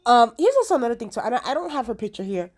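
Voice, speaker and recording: Chatty high-voiced woman reviewing a show. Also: big pitch swings, racing, darkish tone. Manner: chatty and emphatic, repeats herself for effect. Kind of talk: casual review vlog.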